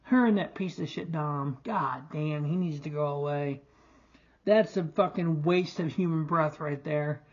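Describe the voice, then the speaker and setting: A man's voice: on the high side, unhurried, dull audio. A young man hosting a casual wrestling review show, ranting in a frustrated, profane way with lots of restarts.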